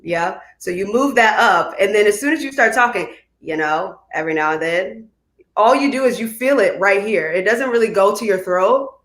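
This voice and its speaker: A young woman from Chicago, a musical theatre actress, chatting in an interview, animated and laughing as she demos vocal exercises. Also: mid-range voice, moderate pace, roomy sound. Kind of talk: casual video interview.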